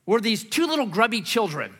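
A middle-aged man preaching a sermon from a church stage. He tells personal stories in an animated, self-mocking way and acts out his own reactions. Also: high-pitched, brisk, husky. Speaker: pastor.

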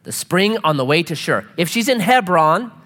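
A man preaching a sermon as pastor, animated and acting out quoted voices. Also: high voice, normal speed, big-room sound. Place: church sanctuary.

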